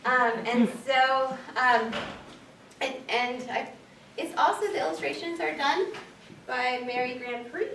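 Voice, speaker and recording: A woman's voice: sits high, measured pace. Chatty woman librarian in echoey room. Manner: chatty, animated, lots of fillers like "um" and "like". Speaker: children's librarian presenting at a workshop. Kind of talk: casual workshop presentation. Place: meeting room at a public library. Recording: echoey room, distant mic, faint noise.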